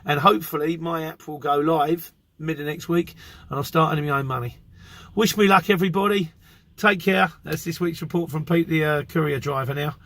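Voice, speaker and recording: A man's voice: on the high side, steady tone, brisk, a bit bright, dry recording. A middle-aged English man with an English accent, a courier driver telling a rambling story in a casual vlog.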